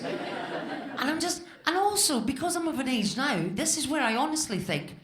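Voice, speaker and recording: Lively woman in her fifties doing stand-up. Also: on the high side, normal speed. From Scotland. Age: 50s. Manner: chatty, self-mocking, talks straight to the crowd. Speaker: stand-up comedian. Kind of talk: stand-up comedy set. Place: comedy club stage. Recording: live club room with echo and audience laughter. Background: audience laughter.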